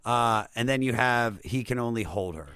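A man's voice: medium pitch, lively intonation, moderate pace, a bit bright, clean tone, dry recording, clean studio sound. Guy hosting a podcast, mid voice, laid-back, encouraging, laughs a lot. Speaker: podcast host. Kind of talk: casual podcast chat.

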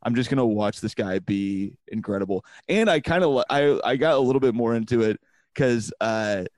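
Man, comedian, casual storytelling, swears a lot, laughs often, mid pitch, dry sound. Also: expressive, moderate pace, darkish tone, no echo. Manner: loose and profane, laughing often, acting out quotes. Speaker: comedian, podcast guest.

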